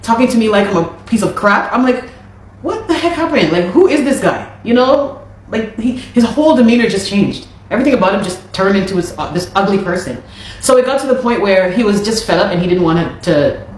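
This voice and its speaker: A Canadian woman telling her own story in a casual, exasperated way, repeating herself as she goes. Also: mid-range voice. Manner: animated, exasperated retelling with repeated phrases. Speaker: interviewee. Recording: echoey room.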